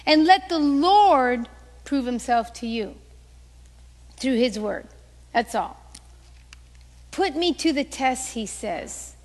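A woman's voice: fairly high pitch, in a large hall. A woman pastor preaching a sermon, telling stories animatedly and acting out the voices she quotes.

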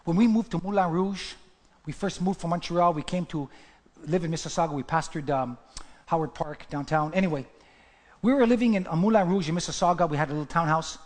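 A male pastor preaching a sermon, emphatic, repeating his key phrases and swinging from hushed to loud. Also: fairly high pitch, fairly quick. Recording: long hall reverb.

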